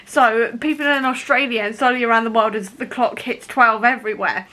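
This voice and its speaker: A young woman vlogging at home about a book she is reading, talking in an excitable, rambling way with many fillers, into a camera mic. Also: fairly high pitch, a little fast. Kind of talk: casual reading vlog.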